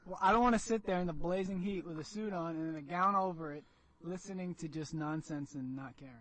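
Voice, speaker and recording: Quick high-voiced young male guest. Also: a bit bright. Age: 20s. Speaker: studio guest. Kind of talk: casual radio banter.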